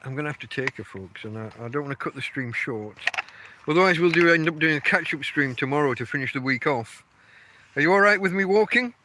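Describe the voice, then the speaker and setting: A man's voice: on the high side, lively intonation, brisk, bright, forceful tone, slight background noise. An English man hosting a casual live stream while walking his dog outside at night, rambling and chatting to his dog between thoughts. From England. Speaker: podcast host.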